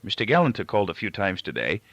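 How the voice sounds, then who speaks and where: A frail, anxious gray-haired father, as a male narrator puts him on, soft and a little husky. He picks his words formally and pauses over them. The take sounds dull and dry. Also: deep voice, huge pitch swings, dry recording, exaggerated voice. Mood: anxious, soothing. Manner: formal, careful phrasing with hesitations.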